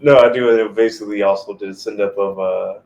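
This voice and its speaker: A man co-hosting a casual podcast, answering briefly in a relaxed way. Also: on the low side, fast talker. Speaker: podcast co-host. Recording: dull lo-fi recording with faint background noise.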